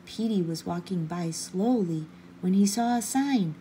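A woman reading a children's picture book aloud with gentle, expressive narration. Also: lowish voice, unhurried, slight background noise. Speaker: children's story reader. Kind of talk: storybook read-aloud.

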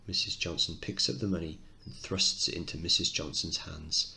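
A man's voice: low-pitched, steady tone, moderate pace, gravelly, hardly any pauses, pushed and bright, breathy edge. A male teacher reading stage directions and explaining a play to students, posing guiding questions.

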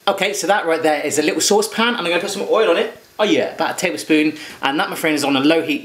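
An English man from England hosts a playful cooking demonstration in his home kitchen, chatty and full of jokes, even talking to the food as he cooks. His voice is fairly high and a bit bright.

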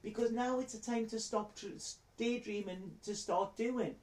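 A woman's voice: a little high, measured pace, a little mellow, reverberant. A woman, a tarot reader telling a heartfelt story to camera in a chatty way. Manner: heartfelt, chatty, repeats words.

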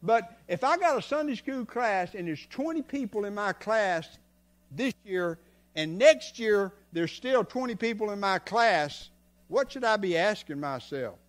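An older man, preaching a sermon as a guest speaker. He talks in a folksy, storytelling way and moves between soft asides and loud stretches. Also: sits high, expressive, unhurried. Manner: folksy, tells stories, swings from soft to loud. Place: church sanctuary.

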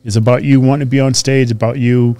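A man's voice: medium pitch, level tone, fast, warm tone, dry recording. A man speaking as a podcast guest, telling candid and emphatic stories about himself in an earnest, confessional way. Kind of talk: candid interview storytelling.

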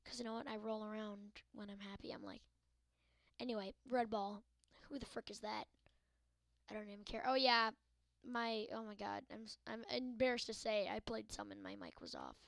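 A woman's voice: mid-range voice, lively intonation, normal speed, a bit bright, no room sound, clean studio sound. A young woman hosting a let's-play video, giving hyper, goofy, rambling commentary into a desk mic. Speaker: gaming video host.

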